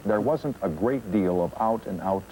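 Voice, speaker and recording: Deep-voiced man hosting a late night interview. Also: animated, mellow, slight background noise, poor audio. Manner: probing, deliberate, good-humoured. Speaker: talk show host. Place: television studio.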